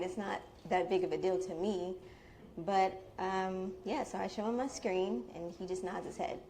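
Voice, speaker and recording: A woman's voice: mid-range voice, gravelly, slight background noise. A young woman with a Midwestern American accent telling a personal story live to an audience in a bubble tea shop, chatty and candid. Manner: candid, chatty, with soft laughs.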